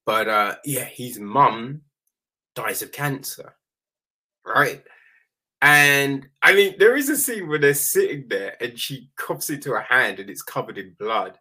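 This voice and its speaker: A man talks through a horror film's plot in a loose, rambling recap. He speaks slowly and with a bright, forceful tone. He swears casually and keeps checking in with the listener. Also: mid-range voice, lively intonation, breathy edge. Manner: rambling, profane, asks listeners "right?". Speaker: film reviewer.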